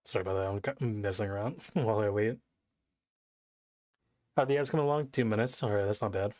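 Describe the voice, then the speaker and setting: A man's voice: fairly low pitch, fast talker, darkish tone, no echo, studio quality. A young man chatting casually as a game streamer, rambling, cursing and interrupting himself. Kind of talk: casual chat while streaming. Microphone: desk mic.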